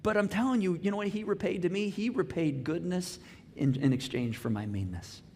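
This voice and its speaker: Man, pastor, sermon, high voice, animated storytelling, church hall reverb. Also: a little fast, a little hiss or hum. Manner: animated storytelling, acts out dialogue. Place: church auditorium.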